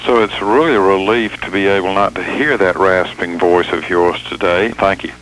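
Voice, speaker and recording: A man's voice: low voice, normal speed, fairly bright tone, poor audio. A man calling a radio show, delivering sarcastic backhanded compliments. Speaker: radio caller.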